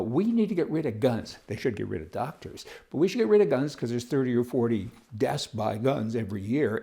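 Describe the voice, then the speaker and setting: A man from Canada hosting casual political commentary, telling jokes and laughing at them. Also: medium pitch. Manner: jokey, laughs at his own jokes, animated.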